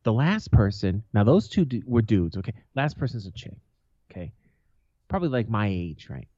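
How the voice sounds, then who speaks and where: A man's voice: fairly low pitch, sing-song, moderate pace, warm tone, no room sound. A man co-hosting a podcast, telling stories in a blunt, profane, aggressive way. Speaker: podcast co-host. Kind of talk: casual storytelling chat. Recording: slightly dull, lo-fi sound.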